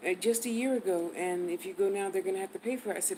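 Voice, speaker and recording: A woman's voice: medium pitch, quick pace, a little hiss or hum, poor audio. A woman in her sixties telling a story bluntly, swearing freely and dropping to mutters for asides. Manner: blunt, cursing, animated storyteller. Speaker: vlogger. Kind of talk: profane storytelling.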